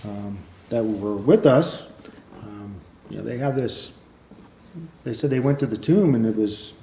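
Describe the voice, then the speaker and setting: A man with a warm, mellow voice gives a sermon, talking in a loose, conversational way and filling his speech with small asides. He reads scripture aloud between his own comments. The sound carries a roomy echo, as in a church hall. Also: lowish voice, measured pace, a little hiss or hum. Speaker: preacher. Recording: echoey room.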